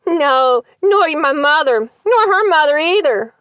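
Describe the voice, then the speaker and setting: A sly old countrywoman, as a woman reader puts her on, chuckles through her rustic dialect in a raised, lively voice. She speaks confidingly, as if sharing a private joke. The reading sounds close and dry. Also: sits high, measured pace, dry recording, pitched above the performer's own voice. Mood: sly, amused.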